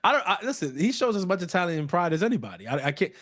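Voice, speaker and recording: A man's voice: high voice, sing-song, fast, fairly bright tone, no room sound, studio quality. A man co-hosting a fan talk show in casual chat, opinionated and full of loose slang. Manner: opinionated, loose slang, talks through his points.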